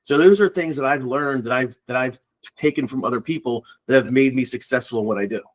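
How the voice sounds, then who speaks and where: A male guest in a casual podcast chat, mid-pitched and plain in tone. He explains his recruiting habits in long, rambling turns, stopping and restarting often. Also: a little fast. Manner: rambling, hesitant, full of fillers.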